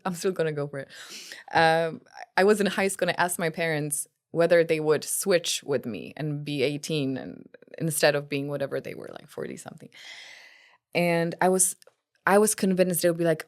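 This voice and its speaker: A woman speaks on a podcast as a guest. Her voice sits fairly low for a woman, and she tells her stories in an animated way, acting out what people said. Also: normal speed. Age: late 20s. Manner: animated storytelling, acts out quotes, laughs often. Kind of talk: casual conversation.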